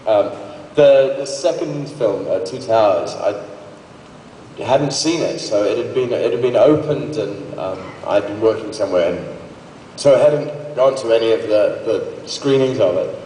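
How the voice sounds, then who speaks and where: A man's voice: on the low side, a little slow, dark tone, a little hiss or hum. A male actor on a convention panel, telling a self-mocking story. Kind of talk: anecdote told to an audience. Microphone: phone recording from the audience. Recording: echoey hall from far off, faint crowd.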